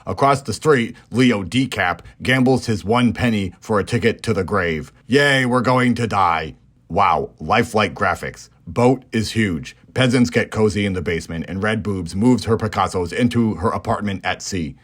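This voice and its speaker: A man narrating a comedic movie recap in a deadpan way, slipping into quick silly character voices. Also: on the low side, breathy edge.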